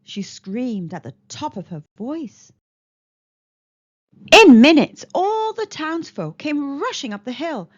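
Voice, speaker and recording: Animated woman reading a picture book. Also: sits high. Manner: expressive, animated. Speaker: storyteller. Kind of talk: children's picture book read-aloud. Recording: slightly dull lo-fi recording.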